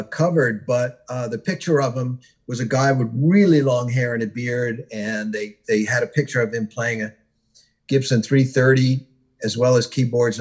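A man interviewed as a guest musician, his voice hoarse from talking all day, telling stories with many pauses and uhs. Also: medium pitch. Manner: rambling, many pauses and uhs, warm storyteller. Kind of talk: interview storytelling.

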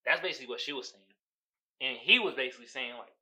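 A man's voice: mid-range voice, quick pace, bright, forceful tone, low-quality recording. A young man from the Bay Area hosting a podcast, ranting about a movie in slangy, profane casual talk and laughing often. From San Francisco Bay Area. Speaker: podcast host. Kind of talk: casual movie-review rant.

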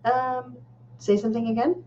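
A woman's voice: on the high side, flat delivery, moderate pace, darkish tone. Easygoing woman on a muffled call. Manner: easygoing, laughs often. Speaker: podcast co-host. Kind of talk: casual chat. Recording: muffled lo-fi call with faint noise.

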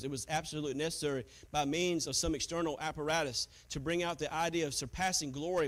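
A man preaching a sermon as pastor, dropping to hushed, near-whispered lines and rising to loud, emphatic preaching, sometimes mocking grudging givers in put-on voices. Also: on the high side.

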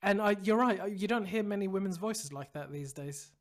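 A young man co-hosting a podcast in casual, chatty conversation. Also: sits high. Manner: chatty, quick, with playful mock-solemn asides. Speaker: podcast co-host. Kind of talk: casual chat.

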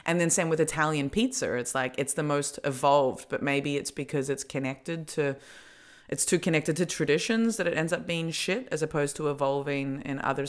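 Low-voiced chatty woman host. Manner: chatty and rambling, with frequent fillers and laughter. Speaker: podcast host. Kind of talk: casual chat.

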